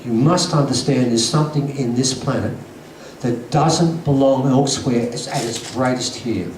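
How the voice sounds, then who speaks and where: At a conference hall, a man lectures an audience in an earnest, emphatic way, telling stories. His voice is mid-range at a moderate pace, and the echoey recording is taken from a distance with background noise.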